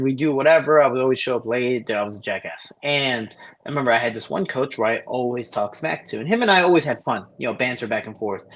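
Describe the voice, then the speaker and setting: A man co-hosting a casual podcast, telling stories in a profane, animated way over a remote connection. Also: medium pitch. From Cicero, Illinois area. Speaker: podcast co-host. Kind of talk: casual podcast chat, storytelling. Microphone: remote call over shaky Wi-Fi.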